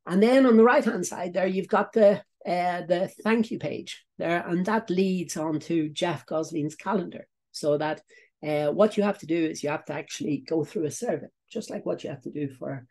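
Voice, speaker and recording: Irish male business coach, gravelly and husky, repeats himself and checks in with "okay?". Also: sits high, moderate pace, darkish tone. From Ireland. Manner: repetitive, tags points with "okay?" and "uh, there" fillers. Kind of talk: online training webinar.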